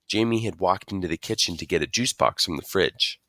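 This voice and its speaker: A man reading a storybook aloud, with a bright, edgy tone. He drops low and quiet for the narration between lines of dialogue. The recording is dry and close. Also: lively intonation, a little fast, creaky, hardly any pauses, no room sound.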